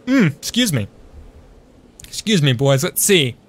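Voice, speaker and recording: A man's voice: on the high side, very animated, unhurried, fairly bright tone. Chatty young man streaming a game. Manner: chatty, addresses viewers as boys, reads chat aloud. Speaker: gaming streamer. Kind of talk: casual live-stream commentary. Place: home room.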